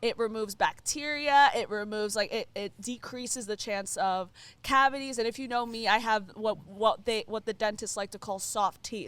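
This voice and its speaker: Podcast co-host, woman, rambly and hesitant, clear dry recording. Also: fairly high pitch, moderate pace, fairly bright tone, no room sound. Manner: rambling, hesitant with many fillers. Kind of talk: casual chat.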